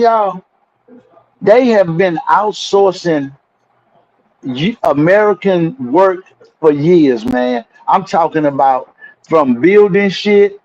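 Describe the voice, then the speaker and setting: A man's voice: high-pitched, a little mellow, highs cut off. A man in casual podcast chat who rambles, repeats words and drags out his points. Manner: rambling, repeats himself, drawn-out asides. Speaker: podcast co-host.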